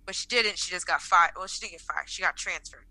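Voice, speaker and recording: A woman's voice: lowish voice, fast, pushed and bright, poor audio. A young woman co-hosting a podcast in casual chat, teasing and blunt, cursing casually. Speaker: podcast co-host.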